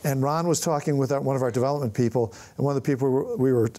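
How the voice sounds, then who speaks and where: A man's voice: mid-range voice, very fast. An older man telling anecdotes in an on-stage conversation, acting out the voices of the people in his stories. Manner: animated storyteller, acts out quoted voices. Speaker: film writer-director, guest. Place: on stage before an audience.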